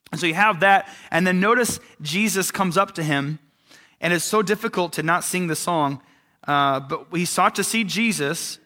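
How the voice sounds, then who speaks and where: A young man preaching a casual, animated sermon, joking with the congregation and checking in with "right?". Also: on the high side. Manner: animated, jokey, conversational, with frequent "right?".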